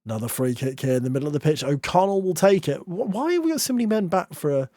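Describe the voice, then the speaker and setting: A young man commentating on his own football management game, excitable, with groans and shouts at near misses and goals. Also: fairly high pitch, fast, no echo, studio quality. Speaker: gaming YouTuber.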